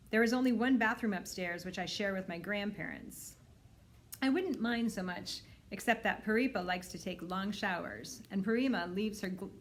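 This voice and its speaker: A woman librarian reads a children's novel aloud, her mid-range voice clear and steady in a storytelling manner.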